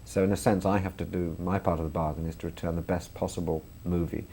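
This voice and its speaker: A man's voice: sits low, level tone, fast, creaky, mellow, slight background noise. A man, a comedian and filmmaker chatting in an interview and laughing through his stories. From England. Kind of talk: interview anecdotes.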